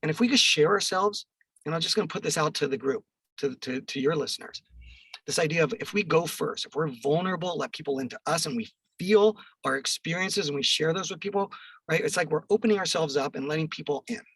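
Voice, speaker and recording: A middle-aged man, a podcast guest, telling a story in an animated way and acting out the quoted dialogue. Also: fairly high pitch, fairly quick, husky, no echo, recorded from a distance, low-quality recording.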